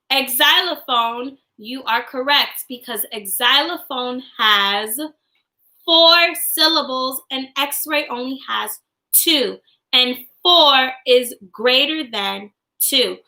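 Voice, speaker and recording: A young woman teaching a young class online, singing and chanting phonics in a cheerful sing-song voice with drawn-out words. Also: high-pitched, bright, forceful tone, low-quality recording. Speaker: kindergarten teacher.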